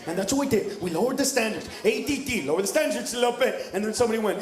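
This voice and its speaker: Casting: male stand-up comic, loud, profane and ranting, live club recording, echoey, with a roaring audience. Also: sits high, animated, quick pace, hardly any pauses, a crowd in the background. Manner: profane, ranting, shouting punchlines. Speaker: stand-up comedian. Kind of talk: stand-up comedy set. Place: comedy club stage.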